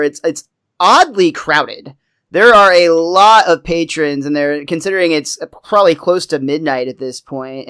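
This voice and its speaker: A man's voice: a little high, a bit bright, clear, resonant tone. A man co-hosting a podcast, casually recapping a cartoon episode and laughing often. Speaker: podcast co-host.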